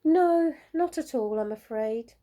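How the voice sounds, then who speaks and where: A woman voicing a lonely, hopeful young female owl in a storybook, with a high, sing-song calling voice. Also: animated, slow pace, mellow. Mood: polite, wistful. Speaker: storybook character.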